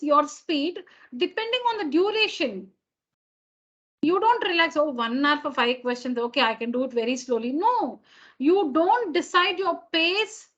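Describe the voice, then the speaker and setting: A woman's voice: extremely high pitch, fairly bright tone, muffled recording. A woman teacher talking to her students in an online class. She explains patiently, repeating and rephrasing each point. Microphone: computer mic on a video call.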